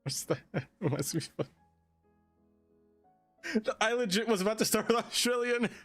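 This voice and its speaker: A man's voice: sits high, animated, moderate pace, a bit bright, soft background music. A man live-streaming a city-building game, chatting casually with his viewers and laughing often.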